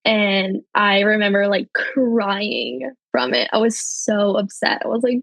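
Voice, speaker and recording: A young adult woman, a podcast guest telling her personal story in a chatty way, full of fillers, her voice jumping higher when she quotes people. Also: slow, vocal fry, fairly bright tone, no echo. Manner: chatty, heavy with fillers like um and you know.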